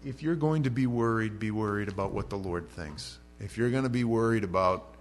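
A man's voice: on the low side, brisk. A man preaching a verse-by-verse sermon, reading scripture aloud and then paraphrasing it in casual, modern speech. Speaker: pastor. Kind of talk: expository sermon. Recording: faint mains hum.

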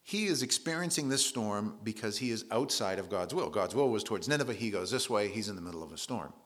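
Low-voiced man preaching with lively inflection. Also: fast. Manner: casual, paraphrases scripture in everyday words. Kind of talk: conversational sermon on scripture.

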